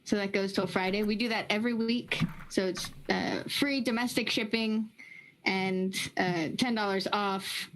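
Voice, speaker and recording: A woman co-hosting a live stream, upbeat and quick to laugh while announcing giveaways and deals. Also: mid-range voice, steady tone, a bit bright, a little hiss or hum, rough recording. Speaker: co-host. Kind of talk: casual chat.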